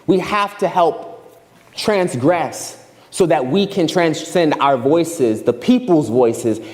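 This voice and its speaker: A man preaching in a slow, deliberate cadence, his voice sitting a little high for a man. He drives his points home with folksy, emphatic repetition. A long reverb from the large church hall hangs on every phrase, with a faint instrument underneath. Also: a little mellow. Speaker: guest minister. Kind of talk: sermon.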